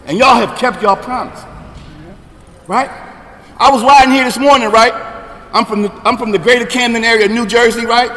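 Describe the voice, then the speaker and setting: A man in his sixties sharing his recovery story at a meeting, talking conversationally and checking in with the room, getting louder and emphatic on key points. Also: extremely high pitch, normal speed, pauses often, long reverb tail. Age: 60s. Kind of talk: personal recovery share.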